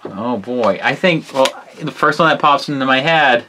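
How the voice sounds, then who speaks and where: A man co-hosting a toy review video in casual chat, playful and halting. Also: mid-range voice, background noise.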